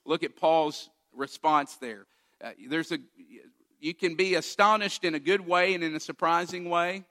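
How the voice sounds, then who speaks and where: Bright-voiced, emphatic male pastor. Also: on the high side, normal speed. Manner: emphatic preaching with rhetorical questions. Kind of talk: sermon.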